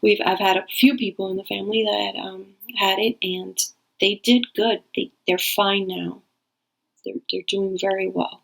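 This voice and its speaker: A woman's voice: medium pitch, flat delivery, normal speed, creaky, rough recording. A woman hosting her own reading channel, talking casually and rambling to her viewers with frequent restarts. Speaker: tarot reader and channel host. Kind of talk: casual talk to camera.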